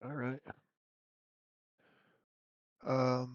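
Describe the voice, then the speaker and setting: A man's voice: on the low side, unhurried, pauses often, fairly bright tone, no room sound. A man playing a tabletop game, muttering to himself as he checks his notes. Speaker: player. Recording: dull, dry sound.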